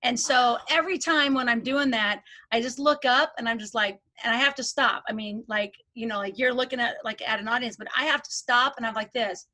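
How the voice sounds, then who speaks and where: A middle-aged woman, a guest coach in a casual interview, telling personal stories in a candid, animated way. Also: on the high side, fairly quick, few pauses.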